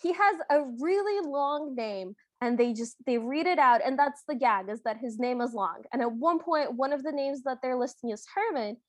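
Woman podcast cohost, high voice, playful, laughs a lot, does bits of the characters, dry sound. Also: expressive, moderate pace, few pauses, no echo. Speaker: podcast co-host. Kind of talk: casual chat recapping a film.

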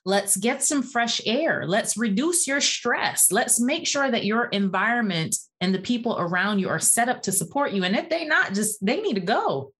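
Passionate woman guest, lowish voice. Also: a bit bright. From Atlanta area, USA. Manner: passionate, talkative, uses "y'all". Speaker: guest, physical therapist. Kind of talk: casual interview conversation.

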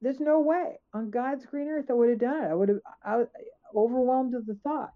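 A woman's voice: high-pitched, brisk. A woman guest author in conversational storytelling, emphatic, acting out her own questions. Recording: tinny phone-like line.

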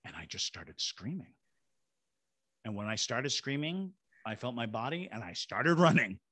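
Here a mid-range male voice moves at a moderate pace with no echo. The speaker, a paranormal investigator from Savannah, Georgia, is guesting on a podcast and animatedly recounts a tale, voicing the other characters himself.

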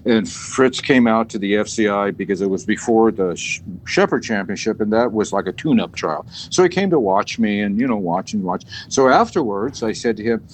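A man, a podcast guest and dog sport trainer, telling stories casually in an animated, profane way, often repeating and restarting words. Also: on the low side, moderate pace, hardly any pauses, slight background noise, low-quality recording. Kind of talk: casual storytelling.

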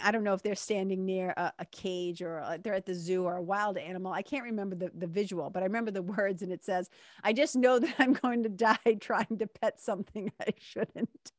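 A woman's voice: mid-range voice, dry recording, clean studio sound. A woman telling a personal story in an earnest, reflective way, acting out the dialogue she recounts.

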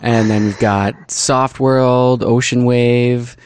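A man hosting a casual interview, relaxed and friendly, with quick affirmations. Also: medium pitch, clean tone, no echo. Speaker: podcast host.

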